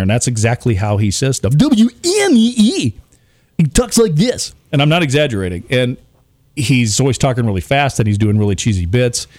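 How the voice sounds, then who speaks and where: A man's voice: on the low side, a little mellow, no room sound. A man, a radio DJ chatting casually as a podcast guest, rambling and poking fun at himself. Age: 40s. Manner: rambling, self-mocking, chuckles often.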